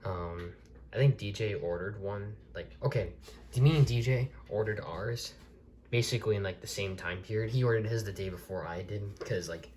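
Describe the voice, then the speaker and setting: Very deep-voiced man rambling casually. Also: normal speed, darkish tone, slight background noise. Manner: rambling, many restarts and fillers. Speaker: tape collector reviewing a video. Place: desk in his bedroom.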